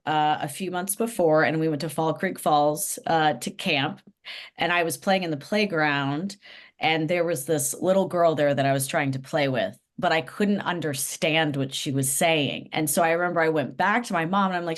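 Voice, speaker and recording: Woman, nonprofit leader, deep for her sex, thoughtful and sincere interview guest. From Los Angeles, US West Coast. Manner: earnest, reflective storytelling. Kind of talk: podcast interview.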